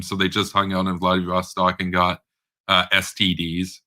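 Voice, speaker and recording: Sharp-voiced man ranting about politics. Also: deep voice, completely flat delivery, moderate pace. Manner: rambling, with frequent fillers and stammered repeats; blunt and sarcastic. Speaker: political commentator. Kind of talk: casual unscripted political rant.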